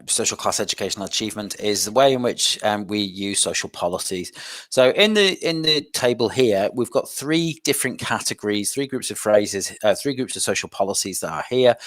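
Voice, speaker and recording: A man's voice: on the low side, animated, normal speed, a bit bright, dry recording. A man explaining education policy in a live online revision lesson, hesitant and full of self-corrections. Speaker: revision session presenter.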